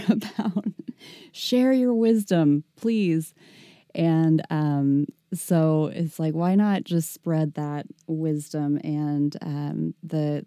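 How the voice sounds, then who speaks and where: Female podcast host, slow and mellow, chatty with fillers, dry close recording. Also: deep voice, dry recording. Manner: warm, chatty, frequent laughter and fillers. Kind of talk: casual podcast chat.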